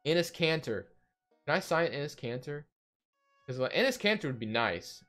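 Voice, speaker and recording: A man's voice: a little high, big pitch swings, unhurried, fairly bright tone, faint music behind. A young man casually commentating his basketball video game, rambling and thinking aloud with lots of fillers. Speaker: gaming video host.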